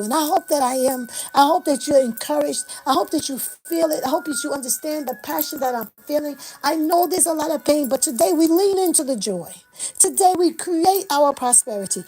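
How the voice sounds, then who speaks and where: Woman, 50s, livestream host, high pitch, fervent affirmation-heavy delivery, faint music behind. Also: darkish tone, low-quality recording. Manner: impassioned, preacher-like cadence with repeated affirmations. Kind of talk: motivational livestream talk.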